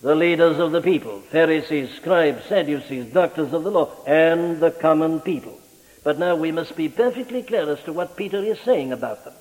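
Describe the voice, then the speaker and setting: A man's voice: normal speed, darkish tone, big-room sound, low-quality recording. A man preaching a sermon with a dramatic, rhetorical delivery, his voice rising and falling sharply. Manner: dramatic, rhetorical preaching with wide swings in pitch and volume.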